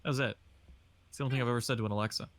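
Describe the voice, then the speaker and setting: A man's voice: mid-range voice, fairly even intonation, no room sound. A young man joking around in a casual podcast chat with friends. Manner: jokey, quick to banter.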